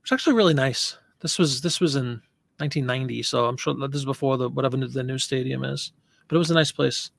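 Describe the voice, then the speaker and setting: A man's voice: mid-range voice, quick pace, gravelly, dry recording. A man hosting a live stream, chatting casually and answering viewer comments.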